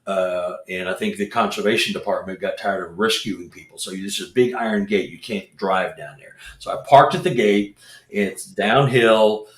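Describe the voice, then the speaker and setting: A man's voice: fairly low pitch, steady tone, normal speed, roomy sound. A man who researches Bigfoot and leads expeditions, telling a rambling story with restarts and repeated words. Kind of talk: casual storytelling.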